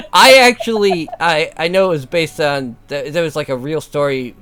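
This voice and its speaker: A woman's voice: low voice, measured pace, fairly bright tone. A woman guest chatting casually over a game, rambling and trailing off mid-thought. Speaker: guest co-player.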